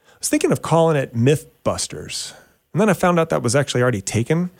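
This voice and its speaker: Joking radio host, dry studio sound. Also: male voice, fast talker, no echo. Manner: joking, self-mocking, animated with sudden pitch jumps. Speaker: radio show host and realtor. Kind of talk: casual radio talk show monologue.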